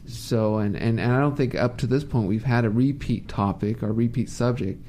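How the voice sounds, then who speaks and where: A man's voice: medium pitch, moderate pace, slight background noise. Laid-back man hosting a radio show. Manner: relaxed, laughs easily, teasing. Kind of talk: live talk radio chat. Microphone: studio mic.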